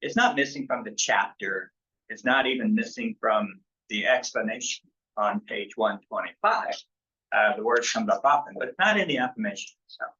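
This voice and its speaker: A man, a pastor, leading a casual church book-study discussion, relaxed and chuckling often between thoughts. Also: fairly low pitch, moderate pace. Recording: dull lo-fi sound.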